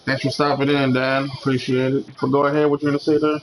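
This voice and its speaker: A man co-hosting a casual podcast, relaxed and rambling, with a voice that barely rises or falls. He pauses often on drawn-out hesitations. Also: mid-range voice, slight background noise, rough recording.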